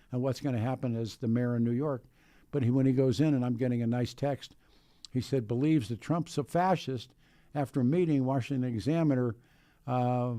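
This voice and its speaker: A man with a gravelly, mellow voice hosts a radio talk show, circling through his points with restarts and asides. He is close on a studio microphone in a dry booth. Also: mid-range voice, no room sound. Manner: rambling, with frequent restarts.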